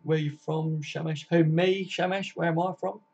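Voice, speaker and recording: A man's voice: a little high, steady tone, normal speed, vocal fry, darkish tone. A man, chatting casually on a live stream. He reads out viewers' comments and answers them by name, swearing freely in a laid-back, matey way. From Kent, England. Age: 20s. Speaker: football fan live streamer. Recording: dull lo-fi stream audio.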